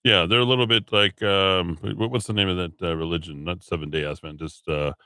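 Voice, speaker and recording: Brief: low-voiced male radio host, bright and forceful tone, rambling delivery full of fillers. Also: steady tone, fairly quick, smooth, no echo, studio quality. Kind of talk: casual talk radio chat. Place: radio studio.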